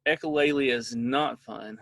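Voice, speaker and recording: A man's voice: medium pitch, unhurried, vocal fry, a bit bright, dry recording. A middle-aged man giving a casual training talk to parents, telling stories with lots of filler words. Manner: conversational, storytelling with filler words.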